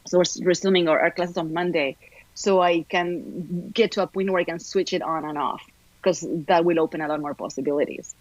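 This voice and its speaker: A woman from Argentina with an Argentine Spanish accent, an actor chatting as an upbeat, animated podcast guest. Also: on the low side, a little fast, no echo, lo-fi sound. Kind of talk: casual interview chat.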